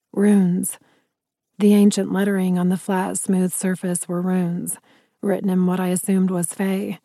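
Mellow woman narrating an audiobook. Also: fairly low pitch, dry recording, studio quality. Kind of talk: first-person fantasy narration.

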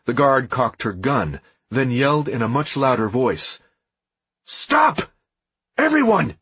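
A man reading an audiobook in a dramatic, expressive scripted narration. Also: medium pitch, a little slow, husky, dry recording.

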